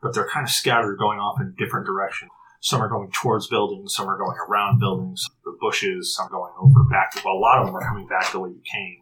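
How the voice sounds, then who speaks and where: A man narrating a tabletop role-playing game as game master, halting, with frequent restarts and fillers. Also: low-pitched, little pitch movement, a bit bright, rough recording.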